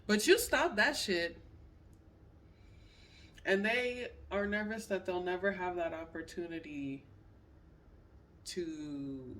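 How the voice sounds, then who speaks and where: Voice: medium pitch, slow, pauses often, fairly bright tone, far from the mic, slight background noise. A tarot reader giving a casual pick-a-card reading, emphatic and repetitive. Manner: repetitive, emphatic, says "period" often.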